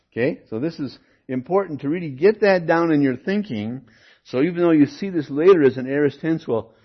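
An older man preaching an expository sermon, teaching in an animated way with rhetorical questions and occasional comic asides. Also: mid-range voice, slightly rough. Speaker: pastor. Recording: dull lo-fi sermon recording.

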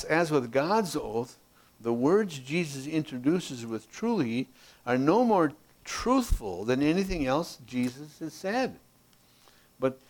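A man teaching a verse-by-verse Bible study, explaining passages and often checking in with "okay?", reading verses aloud with rising emphasis. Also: mid-range voice.

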